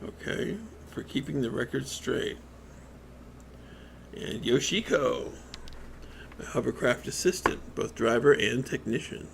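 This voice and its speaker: Slow, gravelly man playing a game. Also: mid-range voice, lively intonation, slight background noise. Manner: hesitant, thinking aloud with many ums and restarts. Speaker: let's play gamer. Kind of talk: casual game commentary, reading on-screen text aloud.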